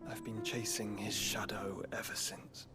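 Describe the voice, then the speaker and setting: A man's voice: on the low side, flat delivery, a little slow, natural voice. An actor playing an earnest young nobleman who speaks in formal, old-fashioned phrasing in video game dialogue. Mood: grave. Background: game music.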